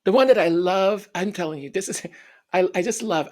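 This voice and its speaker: A woman's voice: medium pitch, normal speed, a little mellow. A woman giving an opinionated commentary rant, scornful and emphatic, repeating and tripping over her words. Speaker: royal commentary vlogger.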